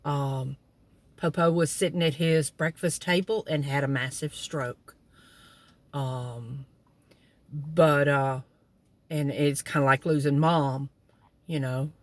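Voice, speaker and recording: A woman's voice: sits low, fairly even intonation, slow, long pauses, dry recording. A middle-aged woman telling folksy family stories in a casual vlog, chuckling as she talks, sitting in a car. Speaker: vlogger. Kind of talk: casual storytelling.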